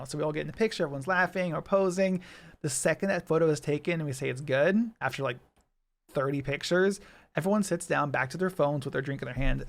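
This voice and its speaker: A man's voice: fairly high pitch, fast, gravelly. A man in his thirties, co-hosting a podcast, telling stories in a chatty way and laughing often. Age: 30s. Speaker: podcast co-host. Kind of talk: casual chat.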